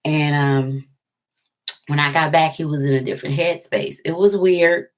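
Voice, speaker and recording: Low-voiced woman telling a heartbreak story. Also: steady tone, moderate pace. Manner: rambling, self-correcting storytelling. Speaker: vlogger. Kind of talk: storytime vlog.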